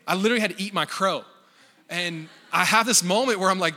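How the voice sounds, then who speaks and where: A man's voice: high-pitched, lively intonation, quick pace, bright, forceful tone. A male pastor giving a casual, joking sermon in a church, telling stories in a conversational way. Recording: long reverb of a church hall.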